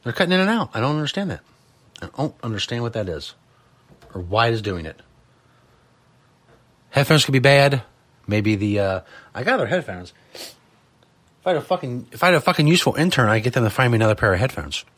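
A man's voice: medium pitch, very animated, a little fast, long pauses, fairly bright tone, no room sound. A man hosting a live studio show, talking casually in a profane, exasperated ranting manner. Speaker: podcast host.

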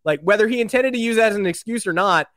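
A man chats as co-host of a sports talk show, dropping blunt, sarcastic remarks. His voice sits notably high for a man. The recording is dry and close. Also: fast, fairly bright tone, dry recording. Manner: wry, blunt, sarcastic asides. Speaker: podcast co-host. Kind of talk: casual sports chat.

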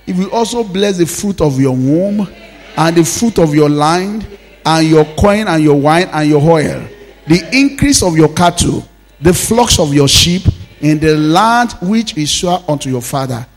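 A fervent man preaching with a high voice, chanting prayers and calling out lines for the congregation to repeat. His voice rings with the long reverb of a church hall. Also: animated, unhurried. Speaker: pastor. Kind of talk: sermon with prayer.

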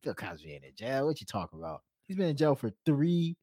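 A man's voice: mid-range voice, very animated, brisk, dark tone, breathy edge, dry recording, clean studio sound. A man co-hosting a podcast, joking and laughing often in casual banter. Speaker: podcast co-host.

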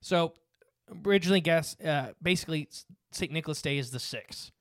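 Male podcast host, relaxed chatty delivery, reads from notes, dry close sound. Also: on the high side, fairly quick, no room sound. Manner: reads notes aloud with fillers and asides. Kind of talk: casual podcast chat.

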